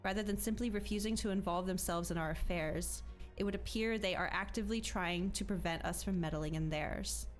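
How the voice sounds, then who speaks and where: A woman reading a formal, measured game character's dialogue aloud in deliberate phrasing. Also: fairly low pitch, faint music behind, natural voice.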